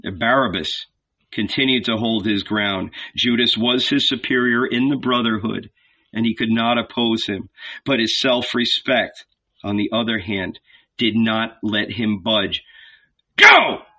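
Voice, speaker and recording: A man reading a novel aloud as the regular reader, slow and deliberate, closing with an affectionate sign-off. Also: fairly low pitch, fairly even intonation, sharp tone, highs cut off. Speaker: audiobook reader. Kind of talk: scripted narration.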